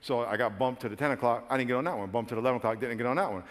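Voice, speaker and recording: A man pastor telling a funny personal story in a sermon, acting out his own frantic lines with bursts of shouting and laughter. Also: mid-range voice, racing, long reverb tail. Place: large church auditorium.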